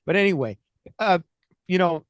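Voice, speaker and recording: A man's voice: high voice, animated, normal speed, smooth, no echo. Rambling older male radio host. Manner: rambling, joking, self-interrupting. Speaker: radio talk show host. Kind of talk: comedic political talk radio. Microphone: studio mic.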